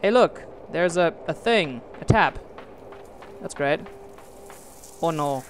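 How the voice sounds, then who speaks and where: Casting: young male gamer, high voice, slow delivery, swears and shouts, noisy home recording. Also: expressive. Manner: exasperated, swears and shouts often. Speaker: gaming video host. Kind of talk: swearing game commentary.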